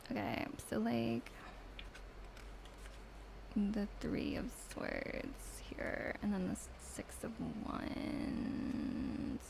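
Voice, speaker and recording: A woman's voice: mid-range voice, wildly swooping pitch, extremely slow, creaky, long pauses, noisy background, exaggerated voice. A woman voicing a bored, snarky young tarot reader in a put-on Valley Girl accent, drawling and dropping "like" in a whispered role-play. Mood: annoyed. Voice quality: drawling, filler 'like', dismissive.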